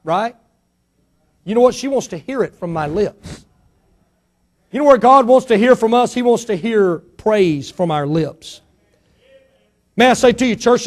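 A middle-aged man preaching a sermon to his church, emphatic, swinging between loud build-ups and quiet asides, full of rhetorical questions. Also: high voice, animated, measured pace, long pauses. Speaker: pastor.

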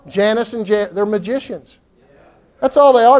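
A man's voice: very high-pitched, moderate pace, darkish tone. A middle-aged man preaching a sermon in a church, folksy and repetitive, rising to fervent outbursts.

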